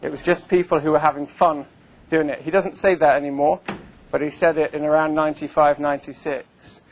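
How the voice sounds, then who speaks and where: A man's voice: a little high, flat delivery, a little fast, slight background noise. Man giving a wry, chatty conference talk. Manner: conversational and wry, with frequent fillers. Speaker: invited speaker. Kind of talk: conference presentation to a live audience. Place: conference room with an audience.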